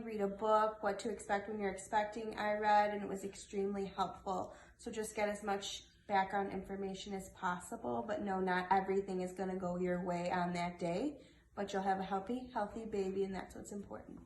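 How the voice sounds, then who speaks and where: A woman's voice: medium pitch, flat delivery, moderate pace, a little hiss or hum. Encouraging woman in an echoey room. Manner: encouraging, practical. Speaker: mother giving advice. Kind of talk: advice to viewers.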